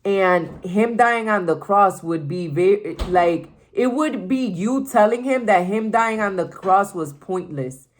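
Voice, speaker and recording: A woman's voice: medium pitch, lively intonation, a little slow. A young woman sharing a personal faith testimony in a casual, emphatic way, repeating phrases and saying "like" often.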